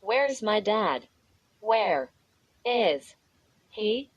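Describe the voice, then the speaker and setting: A woman narrating a children's horror story aloud, sometimes reading the punctuation marks out loud. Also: medium pitch, animated, slow, dry recording, highs cut off.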